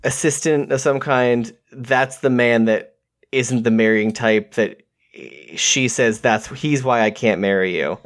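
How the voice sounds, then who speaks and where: A man co-hosting a podcast, rambling and animated as he recaps a movie in casual conversation. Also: medium pitch. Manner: rambling, animated, quick to quote characters. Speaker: podcast co-host.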